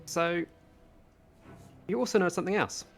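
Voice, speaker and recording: A man's voice: sits high, normal speed, vocal fry, fairly bright tone, faint music behind. A man narrating as game master, describing scenes and teasing his players.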